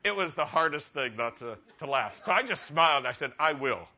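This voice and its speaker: Chuckling rabbi with a bright voice. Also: male voice, on the high side, animated, a little fast, muffled recording. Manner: chatty, laughs at his own jokes. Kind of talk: humorous sermon.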